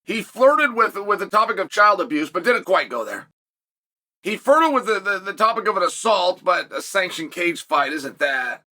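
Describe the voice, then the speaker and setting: Male host, solo commentary, forceful and repetitive for emphasis, bright tone. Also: sits high, big pitch swings, moderate pace. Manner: emphatic, builds points through repetition.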